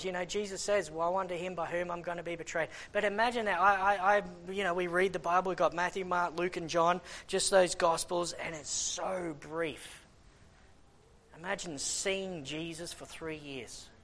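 A male preacher delivering a sermon in an animated way. He swings from shouted exclamations down to hushed, low asides and then back up again.

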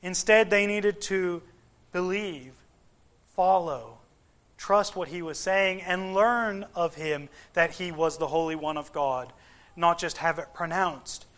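A man preaching a sermon, measured and emphatic, with frequent pauses for weight. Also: high voice, a bit bright.

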